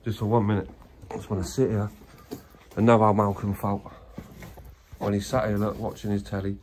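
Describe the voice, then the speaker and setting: An English man narrating his urban exploring vlog with excitable, sweary commentary to viewers, filmed on a handheld camera in an abandoned house and its grounds. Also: on the low side, fairly quick, slight background noise.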